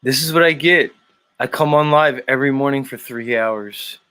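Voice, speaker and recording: A man's voice: medium pitch, normal speed, pushed and bright, smooth. A man hosting a morning livestream in casual chat, reading out the chat, laughing a lot and swearing. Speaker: livestream host.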